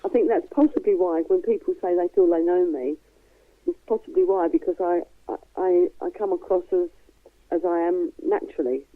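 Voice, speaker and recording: A middle-aged woman with a softened East London accent, a guest chatting frankly and laughing easily. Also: on the low side, moderate pace, no echo, phone-quality sound. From East London, England. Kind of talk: casual chat.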